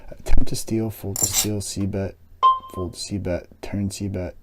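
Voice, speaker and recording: A man's voice: sits low, flat delivery, unhurried, over loud music. A man streaming an online poker session, thinking aloud about hands and muttering analysis to himself. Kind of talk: casual thinking aloud while playing. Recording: loud keyboard clicks and typing.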